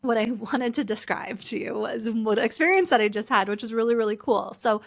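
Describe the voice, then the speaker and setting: A woman's voice: fairly high pitch, brisk, creaky. A woman from Canada hosting a casual solo podcast, chatty and full of fillers, sounding tired and a little teary. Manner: chatty, lots of "like" fillers, laughing through tears. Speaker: podcast host and personal brand coach.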